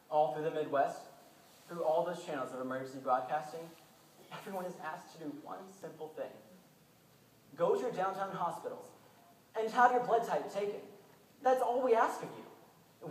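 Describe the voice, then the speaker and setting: A young man performing a dramatic monologue on stage, intense, dropping to hushed tones and rising to urgent ones. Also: fairly high pitch. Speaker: student performer. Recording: echoey hall, mic far off, faint room hum.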